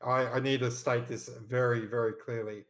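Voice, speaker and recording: A man's voice: medium pitch, flat delivery, moderate pace. A man co-hosting a podcast, chatting casually in a dry, sarcastic way. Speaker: podcast co-host. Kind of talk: casual chat.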